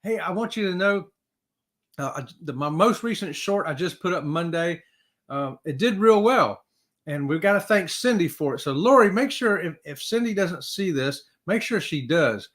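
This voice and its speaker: A man's voice: high-pitched, expressive, normal speed, a bit bright. A man hosting a casual livestream, upbeat, reading viewer comments aloud and laughing often. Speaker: livestream host.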